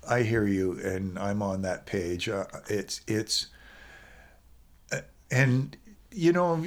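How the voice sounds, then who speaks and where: A man, a musician guest, chatting on a podcast and telling animated stories about recording. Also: on the low side. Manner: animated storyteller, acts out quoted voices. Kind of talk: casual podcast conversation.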